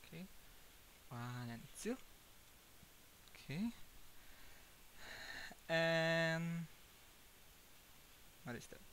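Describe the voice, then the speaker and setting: A man's voice: a little high, expressive, drawn-out words, pauses often, fairly bright tone, a little hiss or hum, rough recording. A man with an Indonesian accent playing a horror game, jumpy and nervous, repeating himself in panic and laughing it off. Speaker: gaming YouTuber. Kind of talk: horror game let's-play.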